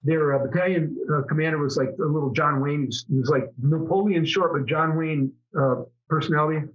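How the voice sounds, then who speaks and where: Here a chatty middle-aged former fighter pilot rambles through a casual storytelling interview, restarting often. His voice is on the high side and a little fast, and the muffled audio has a little hiss or hum.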